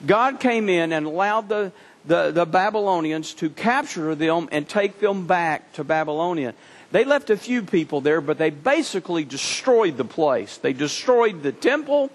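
A man preaching a sermon, telling a scripture story in an animated way and often repeating words as he restarts. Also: on the high side, normal speed. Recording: long reverb from a hall.

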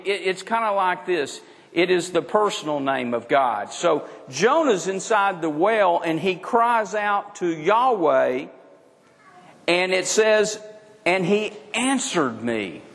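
A pastor preaching a sermon, drawing out his phrases and swinging between soft and emphatic. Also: sits high, vocal fry. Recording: long reverb of a large hall.

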